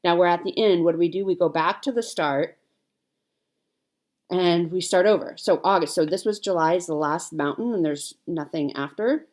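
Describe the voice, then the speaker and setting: A woman's voice: lowish voice, moderate pace, a little mellow. A woman in her forties chatting casually to viewers as a cross-stitch vlogger, rambling along with fillers and self-corrections. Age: 40s.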